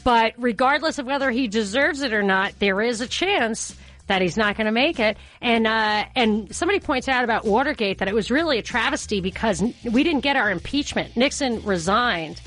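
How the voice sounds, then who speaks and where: A woman hosting a talk radio show from a studio, chatty, quick with asides and often laughing. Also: fairly high pitch, animated, a bit bright. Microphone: studio microphone.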